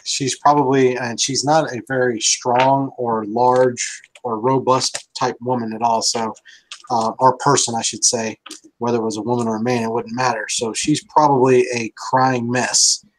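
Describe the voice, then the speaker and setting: A man's voice: medium pitch, level tone, moderate pace, low-quality recording. A man playing a tabletop game, talking in a laid-back, casual way. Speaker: player. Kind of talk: casual chat. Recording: faint background noise.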